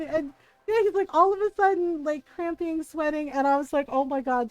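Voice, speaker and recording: Brief: high-pitched woman streamer, casual and animated, telling stories with lots of "like". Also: brisk, no echo, highs cut off. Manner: animated storytelling, full of "like" and acted quotes. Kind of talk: casual chat while gaming.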